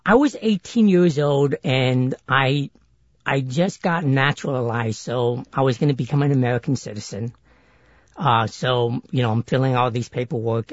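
A middle-aged man with a higher-sounding voice, telling stories as a guest in an interview, hesitant with many restarts. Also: dry recording, muffled recording. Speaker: guest, actor and author. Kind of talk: interview storytelling.

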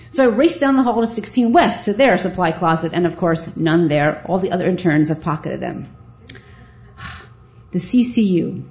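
A woman, a physician, telling a live story in a lively, self-mocking way, with a dull lo-fi sound. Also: on the low side.

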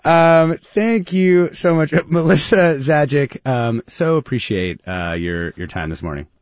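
A man hosting a live radio interview, chatty and lively, with many fillers. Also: a little high, unhurried, no echo. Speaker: radio show host. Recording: dry, slightly muffled radio studio audio.

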